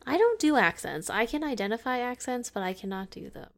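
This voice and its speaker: A woman co-hosting a podcast in casual chat, wry and teasing in a deadpan way. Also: on the high side, fairly quick. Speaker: podcast co-host.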